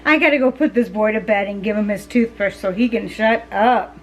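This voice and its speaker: A woman's voice: mid-range voice, brisk, low-quality recording. A middle-aged woman vlogger talking casually to her viewers, rambling with fillers and restarts. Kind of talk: casual chat to camera.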